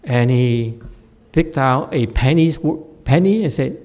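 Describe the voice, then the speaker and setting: A man's voice: mid-range voice, animated, measured pace, a little mellow. A man giving a dharma lecture in a temple hall, telling stories with folksy, self-deprecating humor and frequent checks of "okay?". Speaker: Buddhist teacher.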